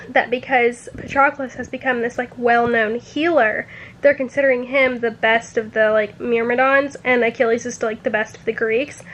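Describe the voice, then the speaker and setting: A book vlogger chats casually in a reading-reaction vlog, her fairly high-pitched voice carrying a fairly bright tone. She says "like" a lot, shows her emotions about the book openly, and swears when upset.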